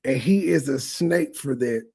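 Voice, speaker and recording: A man's voice: medium pitch, a little slow, gravelly, a little mellow, husky. A man hosting a profane reaction commentary, talking in a blunt, mocking, insulting way. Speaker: commentary host.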